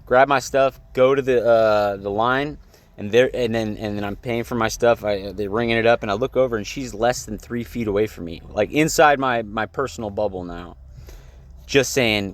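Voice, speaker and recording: A man's voice: medium pitch, moderate pace. A young man telling a story in a casual vlog, rambling and heated, with lots of fillers and swearing. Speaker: vlogger. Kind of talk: casual venting vlog to camera.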